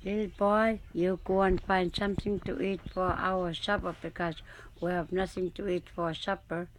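A woman voicing a hungry old grandmother in a told folk tale, giving quiet, plain instructions. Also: fairly low pitch, flat delivery, moderate pace, slight background noise, close to an everyday voice, rough recording. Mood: pleading.

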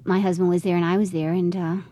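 A middle-aged mother being interviewed tells a family story conversationally, acting out what people said. Her voice is low and dark, her delivery flat, and she talks fast.

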